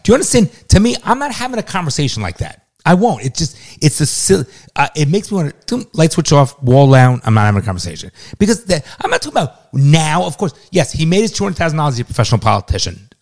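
A man's voice: on the high side, very animated, quick pace, hardly any pauses, darkish tone. A middle-aged man, a father, arguing heatedly with his son, exasperated, swearing and talking over him. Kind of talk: heated family argument.

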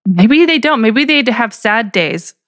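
A woman's voice: a little high, expressive, a little slow, a bit bright. A woman co-hosting a casual podcast, chiming in with short agreements and details she looked up. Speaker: podcast co-host. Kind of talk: casual chat.

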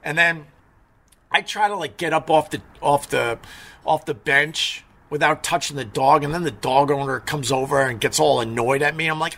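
Brief: middle-aged male streamer, allergy-stuffy, blunt rambling rant, slightly high, bright tone. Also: moderate pace, gravelly. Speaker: live stream host. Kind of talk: casual live stream rant.

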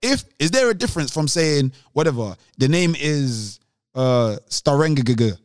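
On a casual podcast debate, a male co-host with a slightly higher-than-average, smooth voice argues his point at normal speed. He's animated, repeating words and laughing, and the recording sounds close and dry.

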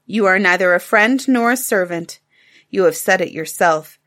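A woman's voice: medium pitch, moderate pace, fairly bright tone, close to an everyday voice. A woman voicing a wise, proud cave woman in a storybook fable, firm and dismissive.

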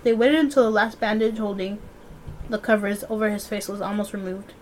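A woman's voice: medium pitch, steady tone, brisk, a little mellow, a little hiss or hum. A young woman reading a horror story aloud and breaking off to chat and joke with a friend. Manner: chatty, laughs and jokes between reading. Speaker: podcast co-host and reader.

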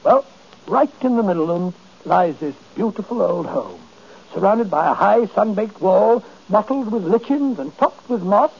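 An actor playing a good-natured middle-aged doctor and sidekick in a 1940s radio drama, blustering and hesitant. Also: male voice, sits high, animated, normal speed, gravelly, darkish tone, breathy edge, exaggerated voice. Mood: storytelling. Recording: dull lo-fi old radio recording.

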